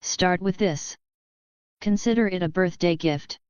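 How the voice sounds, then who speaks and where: A woman reading the part of a confident, smirking young male warlock who speaks calmly and firmly. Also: lowish voice, unhurried, smooth, no room sound, dull audio, lightly acted. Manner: calm, firm, knowing.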